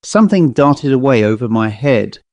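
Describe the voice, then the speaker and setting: A man reading a ghost story aloud in a measured storytelling delivery. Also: mid-range voice, expressive, a little mellow, dry recording. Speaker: narrator. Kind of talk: audiobook narration of a ghost story.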